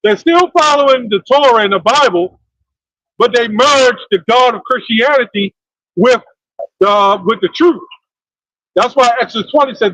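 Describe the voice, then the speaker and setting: A man leading a casual religious discussion, telling stories in an animated, profane way. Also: extremely high pitch, normal speed, pauses often, dry recording, poor audio. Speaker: discussion leader.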